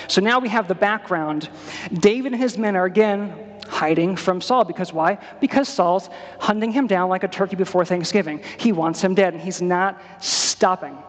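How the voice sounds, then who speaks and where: A man's voice: high-pitched, in a large hall. A man preaching a sermon as a pastor, retelling a scripture story in a casual, storytelling way with slangy asides. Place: church.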